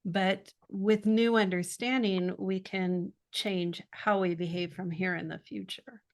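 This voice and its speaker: A woman in her sixties, a children's author guesting on a podcast, talking in a reflective, warm way with light laughs between thoughts. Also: medium pitch, fairly even intonation, measured pace. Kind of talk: conversational interview.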